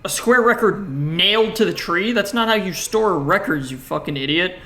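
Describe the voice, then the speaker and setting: A bright, clear-toned man talks through a text adventure, reading its lines aloud and reacting with casual, profane asides. The recording carries a faint hiss underneath. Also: high-pitched, normal speed. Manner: casual, swears, jokey self-talk; reads game text aloud in a flat voice. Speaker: gaming streamer. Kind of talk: let's play commentary, reading game text aloud.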